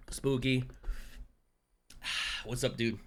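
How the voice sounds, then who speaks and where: Bright-voiced joking male streamer. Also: on the low side, expressive, moderate pace. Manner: chatty, joking, self-deprecating. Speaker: livestreamer. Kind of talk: casual live-stream chat.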